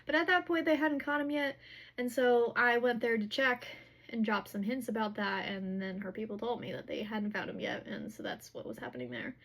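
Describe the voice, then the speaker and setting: A young woman casually retelling a novel's chapters, chatty and animated, with slangy asides. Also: on the high side, moderate pace. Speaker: book recap vlogger.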